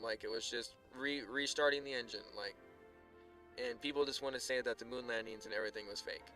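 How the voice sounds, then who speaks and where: A man talking casually on a live stream, rambling with lots of filler words and swearing, sometimes quiet and sometimes heated. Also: medium pitch, fairly even intonation, fairly quick, soft background music. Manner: swings from subdued to heated ranting.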